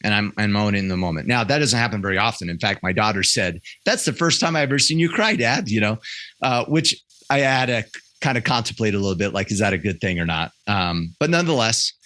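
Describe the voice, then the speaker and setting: A man's voice: lowish voice, expressive, fast, bright, forceful tone, dry recording. A man in his thirties, a podcast guest, telling personal stories candidly and earnestly, often restarting his sentences. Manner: earnest, self-correcting storyteller with frequent restarts. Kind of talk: candid conversational interview.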